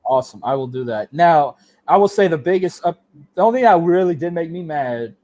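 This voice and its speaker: A man guesting on a podcast interview, telling loose, animated stories with casual swearing. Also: a little high, brisk. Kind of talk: casual chat.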